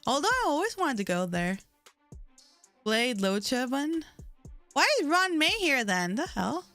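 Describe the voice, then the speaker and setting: A young woman from the United States talks casually to her stream viewers. Her voice is high and bright, and she laughs easily and restarts her sentences. Soft music plays faintly underneath. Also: very animated, a little slow. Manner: chatty, laughs often, trails off and restarts. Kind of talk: casual live-stream chat.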